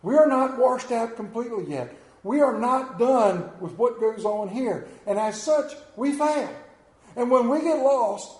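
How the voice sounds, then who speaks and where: Pastor, man, high-pitched and mellow, preaches with swelling emphasis; roomy church sound. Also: expressive, unhurried. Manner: storytelling preacher, rising and falling emphasis. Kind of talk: sermon.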